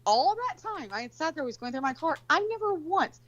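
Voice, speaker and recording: A woman's voice: high voice, big pitch swings, fairly quick, a bit bright, dull audio. A woman telling a story in casual chat, rambling and swearing freely, leaning heavily on "like". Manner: rambling, profane, heavy use of "like".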